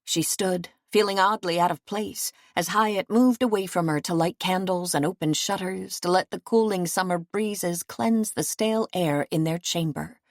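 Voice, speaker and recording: A woman narrates an audiobook in a steady, even manner, her voice lower than most. The recording is dry and close, with no room sound. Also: moderate pace, hardly any pauses, dry recording. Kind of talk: scripted narration.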